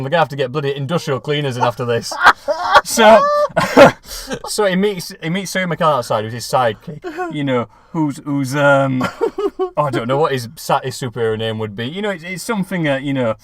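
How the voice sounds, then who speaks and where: A man's voice: a little high, normal speed, slight background noise. A man co-hosting a podcast, telling a comic story with lots of laughter. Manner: animated, laughs often while talking. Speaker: podcast co-host pitching a film idea.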